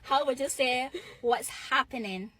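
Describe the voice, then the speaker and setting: A Barbadian woman with a fairly high voice runs through slang questions one after another. She asks, then offers her own island's version. Her tone is light and curious. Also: measured pace, a bit bright, no room sound. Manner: quiz-like, asking and comparing phrases. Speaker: interviewer asking slang questions.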